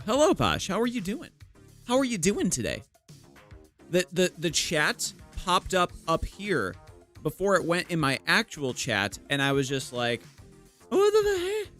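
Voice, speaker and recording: Young male artist live-streaming on a desk mic; chatty, bouncy, high-ish voice, jokey and loose. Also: a bit bright. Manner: chatty, greets and answers viewers, self-deprecating jokes. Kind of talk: casual live-stream chat. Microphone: desk microphone.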